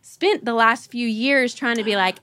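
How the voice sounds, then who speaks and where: A woman's voice: a little high, moderate pace, bright, forceful tone. A woman, hosting a podcast and telling stories, laughing often and acting out her children's voices. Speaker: podcast host. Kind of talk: casual conversational storytelling.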